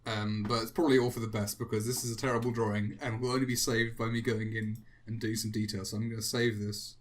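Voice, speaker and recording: A man's voice: lowish voice, level tone, quick pace. A man hosting a casual chat while drawing, rambling and self-mocking with frequent chuckles. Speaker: host.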